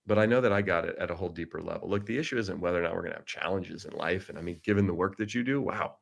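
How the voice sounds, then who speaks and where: Middle-aged male keynote speaker on a video call, low voice, sincere storyteller. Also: racing, creaky. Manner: earnest, reflective storytelling. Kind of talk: motivational talk with personal story.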